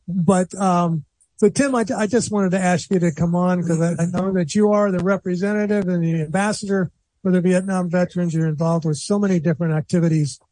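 A man's voice: sits high, fairly even intonation, fairly quick, dark tone, dry recording. An older man hosting a radio show, chatting casually and self-deprecatingly, laughing often.

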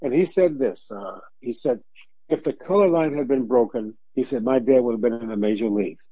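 Brisk and animated, a former Detroit police officer, now an older man, tells stories in an interview, imitating the voices he quotes and laughing frequently. His pitch is medium, and the recording is dry, dull, and lo-fi.

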